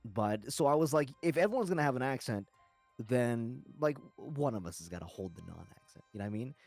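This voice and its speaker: A man's voice: mid-range voice, lively intonation, brisk, vocal fry, a little mellow, no room sound, soft background music. A young man on a stream, rambling as he explains his choices for his tabletop game character, with lots of "like" and restarts. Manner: rambling, many fillers and restarts. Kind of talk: casual group chat.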